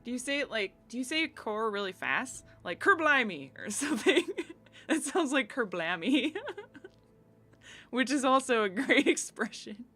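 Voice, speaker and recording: Woman streamer, American, lively sing-song pitch, bubbly, giggly, casual chat, soft music underneath. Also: normal speed. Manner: bubbly, giggly, reads chat aloud and riffs. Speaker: streamer chatting with viewers. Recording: faint game music behind.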